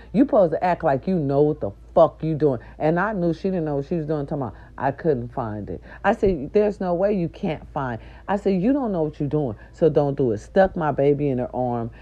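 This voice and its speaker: An older woman, a nurse's aide and grandmother, telling an indignant, profane story straight to her viewers in a loud, animated rant. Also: low voice, dull audio.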